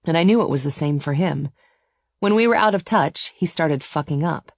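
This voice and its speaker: A woman narrating a first-person romance audiobook in a steady, intimate storytelling voice. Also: sits low, normal speed, no room sound, studio quality.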